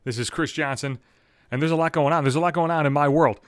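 A man's voice: a little high, fast, no room sound, clean studio sound. A man in his thirties telling a personal story as a podcast host, swearing freely and building into exasperated rants. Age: 30s. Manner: animated, swearing, ranting with rising exasperation. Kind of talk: profane personal storytelling monologue.

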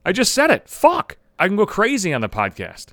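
A man's voice: sits high, huge pitch swings, quick pace, a bit bright, no echo, clean studio sound. A man hosting his own podcast, ranting in a casual comedic monologue, profane and self-mocking. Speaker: podcast host.

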